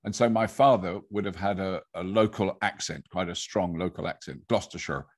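An English man talks casually as a podcast guest, spinning a story with plenty of restarts and quick laughs. His voice is low and husky, with a slightly breathy edge. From England. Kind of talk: casual conversation.

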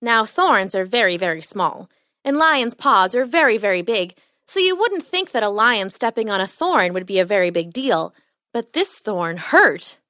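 A woman hosting a children's podcast and narrating a bedtime story in an animated, expressive way. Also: medium pitch, moderate pace, no echo.

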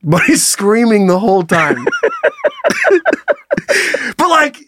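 A man co-hosting a comedy podcast in casual chat. He laughs often and breaks into loud, shouted character bits. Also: big pitch swings, slow pace, a little hiss or hum. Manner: laughs often, jumps into high shouting impressions. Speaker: podcast co-host.

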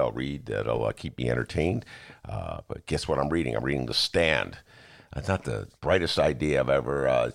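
Deep gravelly radio host. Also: male voice. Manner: animated storyteller, jumps into excited high-pitched asides. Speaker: talk show host. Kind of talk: casual comedic monologue.

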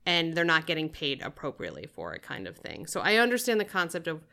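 A young woman talking casually as a podcast guest, rambling and animated, poking fun at herself. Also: sits low, fast, vocal fry. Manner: rambling, animated, self-deprecating. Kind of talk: casual chat.

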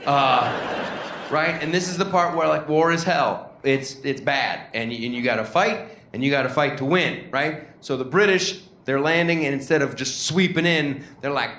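A man who is a comedian and podcast host, telling a rambling, animated comic story and then interviewing a guest. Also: a little high, normal speed. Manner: rambling, animated, self-mocking. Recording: echoey room with audience noise. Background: audience laughter.

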